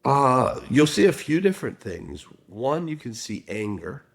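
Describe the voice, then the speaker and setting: A man's voice: medium pitch, big pitch swings, measured pace, creaky. A middle-aged man, a guest expert in a podcast interview, telling stories and acting out quotes. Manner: storytelling with acted quotes.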